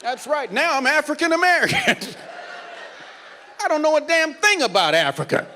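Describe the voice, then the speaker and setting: Man, cruise director, stand-up comedy, teasing crowd banter, high voice, faint background noise. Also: very animated, moderate pace, bright, forceful tone. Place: cruise ship theater.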